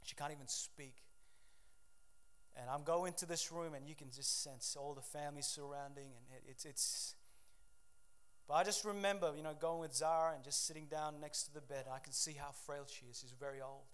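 A man preaching a sermon in a fairly high voice. He builds to loud, ringing declarations, then drops almost to a hush when telling a personal story or praying. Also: steady tone, normal speed, clean tone. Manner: swings from loud preaching to hushed, quiet telling. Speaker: pastor.

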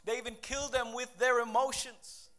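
A man preaching a sermon with a lively, conversational delivery, full of quick asides and acted-out quotes. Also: very high voice. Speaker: pastor.

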